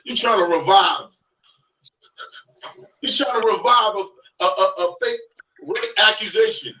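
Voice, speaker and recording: A man ranting angrily, shouting and repeating his lines for emphasis. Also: sits high, very animated, a little slow, long pauses, recorded from a distance, poor audio. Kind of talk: heated rant from a played clip.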